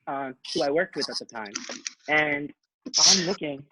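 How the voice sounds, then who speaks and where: A man in casual chat, telling an anecdote in an animated way, swearing and acting out quotes. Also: a little high, unhurried, noisy background.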